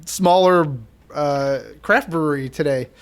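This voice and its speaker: A man hosting a casual podcast, chatty and quick to laugh, with lots of fillers. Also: a little high, clear, resonant tone. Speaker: podcast host.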